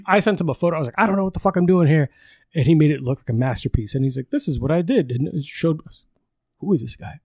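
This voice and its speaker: A man's voice: a little high, expressive, quick pace, a little mellow, breathy edge, no room sound. A man hosting a podcast in a loose, casual chat, swearing often and laughing as he rambles. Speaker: podcast host.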